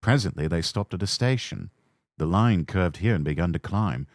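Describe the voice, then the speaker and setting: An English man reads a children's railway story aloud in a calm ASMR style. His voice is low but moves lively in pitch, and the recording is close and dry with no room sound. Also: moderate pace, dry recording. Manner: calm, soothing. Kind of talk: soft-spoken ASMR storybook reading.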